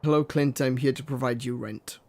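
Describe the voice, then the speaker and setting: A man's voice: mid-range voice, steady tone, fairly quick, darkish tone. A young man chatting casually and joking as he plays a farming game with a guest, laughing often and thinking aloud. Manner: joking, chuckly, thinks aloud while playing. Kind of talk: casual gameplay chat.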